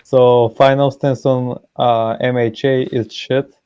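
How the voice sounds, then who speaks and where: A man's voice: medium pitch, little pitch movement, slow, mellow, clean tone, highs cut off. A young man co-hosting a podcast in a casual chat, laid-back with short replies. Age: young adult. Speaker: podcast co-host.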